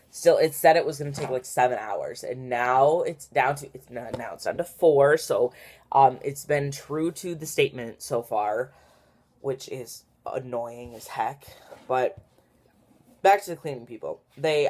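A young vlogger chatting casually on camera in a daily vlog, rambling and filling every pause with "like" and "literally". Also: mid-range voice, a little mellow. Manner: rambling, filler-heavy, says "like" and "literally" a lot.

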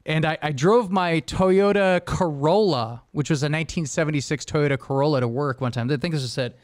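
A man's voice: on the high side, brisk, no echo, studio quality. A young adult man hosting a podcast, rambling casually, laughing and acting out quotes in a raised voice. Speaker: podcast host. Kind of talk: casual chat.

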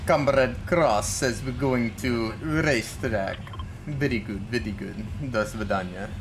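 A man's voice: medium pitch, a little slow, lightly acted. A man voicing a serious comrade, over a noisy stream. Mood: mock-solemn. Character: gruff Russian comrade, man, mock-serious.

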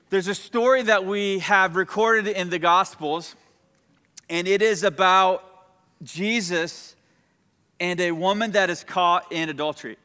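In an echoey church sanctuary, a male pastor preaches and calls on the congregation to answer him back. His voice is high, steady and unhurried, with a sharp, clean tone.

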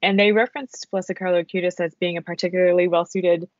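A podcast host in casual conversation who responds to the guest with warm appreciation. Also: mid-range voice, level tone, fast, no echo. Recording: dry, muffled lo-fi audio.

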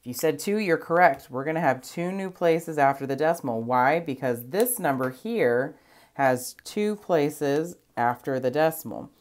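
A woman with a strikingly low voice teaches a recorded math lesson. She explains patiently and step by step, counting aloud as she goes. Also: lively intonation, a little slow, darkish tone.

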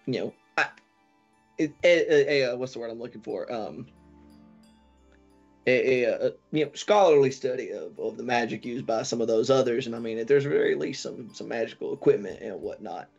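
A man's voice: mid-range voice, lively intonation, normal speed, creaky, a little mellow, breathy edge, faint music behind. A man voicing a polite, folksy tinkerer who rambles and apologizes. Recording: muffled lo-fi audio.

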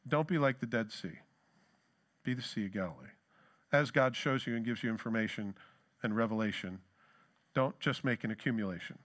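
A pastor jokes casually through his sermon in a church sanctuary, then reads scripture with steadily rising emphasis. He has a mid-range, fairly bright voice, talks a little fast, and leaves long pauses.

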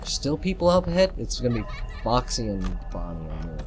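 A man commentating a horror game while losing his voice, joking with the characters and yelping loudly at scares. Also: mid-range voice, very animated, fairly quick, soft background music. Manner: jokey banter with game characters, yelps and shouts at jump scares. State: losing his voice, a bit sick. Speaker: gameplay commentator.

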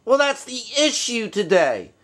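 A man's voice: very high-pitched, very animated, unhurried, a bit bright. A man playing the straight man in a comedy skit, correcting and needling with an exasperated tone. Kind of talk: comedy banter.

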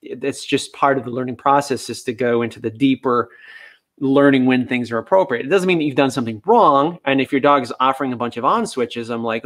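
A man, a dog trainer, answering viewer questions in a relaxed, chatty live-stream style with many fillers. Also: medium pitch, brisk.

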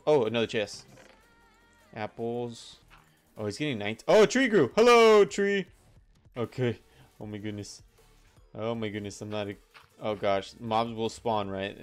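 A young man doing casual gameplay commentary, chatty and excitable, talking to the animals in the game. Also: lowish voice, moderate pace, soft background music. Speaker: gaming YouTuber.

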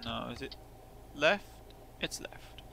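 A man's voice: mid-range voice, animated, slow pace, creaky, sharp tone, slight background noise. A man giving casual, rambling gameplay commentary, swearing offhandedly as he plays. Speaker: gameplay video host. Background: truck driving game sounds.

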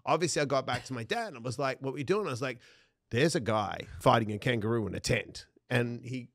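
A man from Australia whose accent mixes Australian and New York sounds, telling stories as a podcast guest in a casual, animated way. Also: medium pitch, a little fast, gravelly, dry recording, clean studio sound. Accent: Australian with New York influence. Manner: animated storyteller, swears casually. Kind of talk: casual chat.

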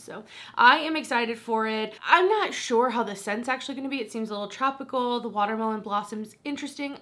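A woman's voice: fairly high pitch, vocal fry, a bit bright. A young woman chatting casually about perfumes as a vlogger, rambling and self-deprecating. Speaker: fragrance vlogger. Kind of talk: casual chat.

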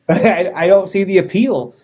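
A man's voice: high-pitched, lively intonation, takes it slowly, darkish tone, slightly rough. A man, a wrestler as interview guest, chatting casually in a joking, self-deprecating way.

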